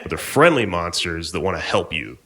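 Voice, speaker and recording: A man's voice: deep voice, big pitch swings, normal speed, crowd noise. A young man doing a stand-up comedy set on stage at a live venue, talking in a laid-back, rambling, offhand way.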